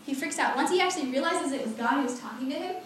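A woman's voice: high voice, very fast, far from the mic, slight background noise. Young woman preaching in an echoey hall. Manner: animated, laughing often, chatty asides. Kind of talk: casual sermon.

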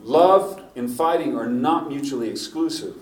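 Preacher telling stories in a roomy hall. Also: male voice, medium pitch, moderate pace, recorded from a distance. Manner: storytelling, animated, building to emphatic points. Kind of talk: sermon. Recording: roomy echo, from off the mic.

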